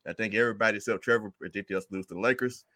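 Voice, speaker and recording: A man's voice: on the low side, fairly even intonation, very fast, pushed and bright, dry recording. A man hosting a sports podcast, leading the talk in an easygoing, chatty way. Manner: easygoing, laughs often, leads the segments. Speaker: podcast host. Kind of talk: casual sports chat.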